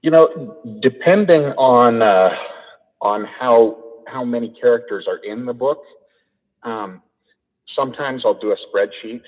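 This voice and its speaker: A man's voice: mid-range voice, a little slow. A man with an Idaho American accent, an audiobook narrator, answering interview questions in an easygoing way with frequent chuckles and restarts. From Idaho, USA. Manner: easygoing, chuckling, repeats words when starting. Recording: tinny call audio echoing in a hall.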